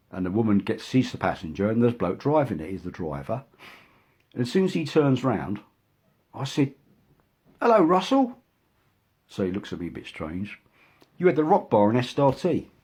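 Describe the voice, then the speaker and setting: A man's voice: dark tone, husky. An older man from England telling a casual, rambling anecdote, with frequent restarts and asides. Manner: acts out quotes in a higher voice. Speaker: storyteller.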